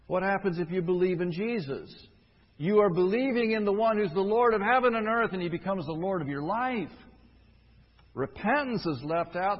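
A man delivers a sermon with emphatic swings between hushed passages and loud, driving peaks. His voice sits a bit high and slightly breathy. The dull, lo-fi recording carries the long reverb of a large church hall. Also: lively intonation, normal speed. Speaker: preacher.

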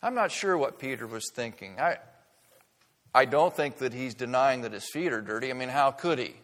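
A man preaching a sermon, earnest and emphatic, who slows down to stress key words. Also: mid-range voice, lively intonation, fairly bright tone, big-room sound.

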